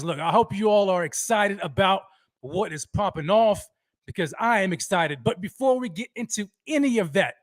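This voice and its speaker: Hyped high-voiced male livestream host. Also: no room sound, studio quality. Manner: hyped, energetic shout-outs to viewers. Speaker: host of a sports fan livestream. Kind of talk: livestream roll call chat.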